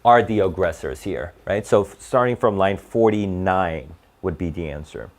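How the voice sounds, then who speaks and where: In a low-pitched voice at normal speed, an SAT tutor talks his way through reading test questions. It's a relaxed, think-aloud walkthrough where he fixes his own slips and keeps asking "right?"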